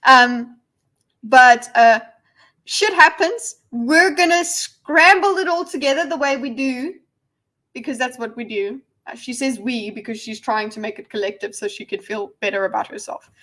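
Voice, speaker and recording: A woman's voice: a little high, moderate pace, bright, forceful tone, poor audio. A woman hosting a casual livestream, rambling, giggling and poking fun at herself as she sets things up. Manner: rambling, giggly, self-deprecating. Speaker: livestream host.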